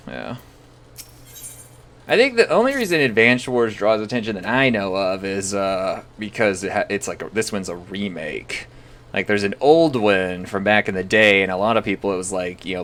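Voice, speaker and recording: A man's voice: on the low side, fairly bright tone. A young man talking casually on a live stream, rambling and swearing freely.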